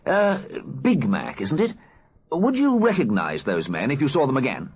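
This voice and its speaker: A courteous older gentleman speaks with calm, proper restraint, as a male narrator puts him on. The voice is husky and a touch lifted, with gently lively pitch. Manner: genteel, measured.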